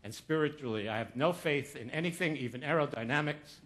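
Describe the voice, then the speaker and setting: Brisk and fairly high-pitched, this male motivational speaker has a fairly bright tone. He's giving a comic keynote on stage, narrating a story laced with jokes and dramatizing people's words.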